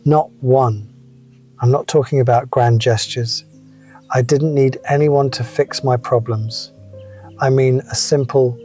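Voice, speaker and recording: A man's voice: mid-range voice, fairly even intonation, slow, a little mellow, soft background music. A man in his seventies telling wry, reflective personal stories as a scripted motivational talk. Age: 70s. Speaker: motivational speaker.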